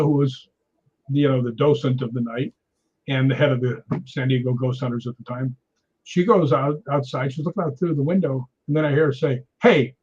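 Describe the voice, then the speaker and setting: Husky-voiced man telling a lively ghost story. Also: on the high side. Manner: animated, acts out quotes, laughs often. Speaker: guest storyteller. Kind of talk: casual anecdote telling. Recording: dull lo-fi sound.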